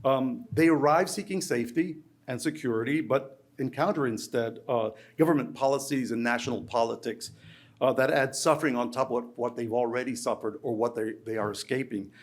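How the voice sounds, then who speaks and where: A man, an academic researcher, giving a lecture in a halting way, restarting phrases and repeating words. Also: mid-range voice.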